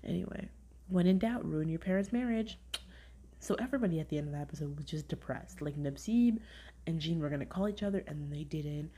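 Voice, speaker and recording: A woman's voice: low-pitched, fairly quick, breathy edge. A young woman hosting a podcast, chatting casually in a rambling way with lots of "like", often dropping to a half-whisper. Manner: rambling, heavy use of "like", animated retelling. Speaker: podcast host. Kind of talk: casual review chat.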